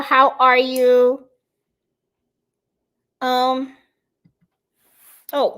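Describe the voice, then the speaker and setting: A woman from Puerto Rico hosts a relaxed craft livestream, her voice sitting a little on the high side. She chats loosely with her viewers, greets them one by one by name, and fills the gaps with easy ums and let's-sees. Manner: chatty, greets viewers by name, lots of fillers. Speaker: craft channel host. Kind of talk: casual livestream chat, reading viewer comments.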